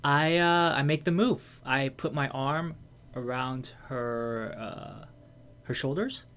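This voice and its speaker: A man's voice: mid-range voice, takes it slowly, fairly bright tone, clean tone. An American man telling a personal story in casual conversation. He talks candidly, swears freely and fills his speech with restarts and fillers.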